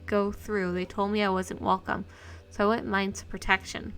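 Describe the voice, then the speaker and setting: A woman's voice: medium pitch, little pitch movement, moderate pace, a bit bright, slight background noise, close to an everyday voice. A woman voicing a chirpy little winged sprite. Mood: chatty. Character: tiny chirpy green winged sprite, eager.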